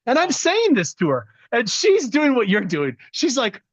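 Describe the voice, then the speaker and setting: A middle-aged man chatting on a podcast, his voice pitched a little high and swinging widely as he acts out quotes. The sound is dull and dry, close to the mic. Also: moderate pace, few pauses, no echo. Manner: animated storyteller, swears freely, acts out quotes. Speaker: podcast co-host. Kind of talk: casual chat.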